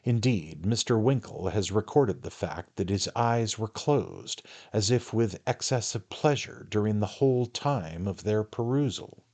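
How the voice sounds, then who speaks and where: Low-voiced man reading a classic novel. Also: a little mellow. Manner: measured, formal storytelling. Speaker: audiobook narrator.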